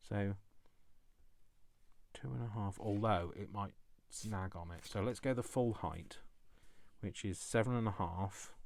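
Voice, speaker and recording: A man's voice: lowish voice, a little slow, gravelly, a little mellow. A man hosting a casual crafting vlog, joking with himself and scolding himself by name as he works. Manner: jokey, self-mocking, chuckles. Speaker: crafting channel host.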